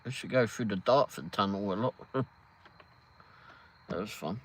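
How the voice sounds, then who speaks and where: A man's voice: on the low side, unhurried, slightly rough, low-quality recording. Chatty English man, live stream. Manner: rambling, reads chat aloud, laughs often. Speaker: livestream host. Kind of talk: casual live-stream chat.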